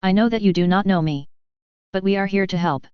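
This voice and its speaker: A woman's voice: medium pitch, clear, resonant tone, dry recording, muffled recording, lightly acted. A woman voicing a terse masked young woman. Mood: calm, measured. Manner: stilted, halting phrasing. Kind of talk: audiobook reading of fan fiction.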